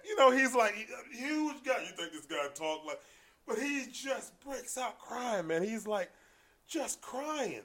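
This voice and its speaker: A man telling stories in casual conversation as a podcast guest, animated, dropping into hushed asides and then loud bursts. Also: very high-pitched, a little slow.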